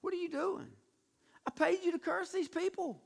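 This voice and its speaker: A man's voice: very high voice, lively intonation, normal speed, pushed and bright, full character voice. A man voicing a wealthy, pushy male king who bribes and persuades, then grows exasperated. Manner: smooth-talking and persuasive, turning exasperated.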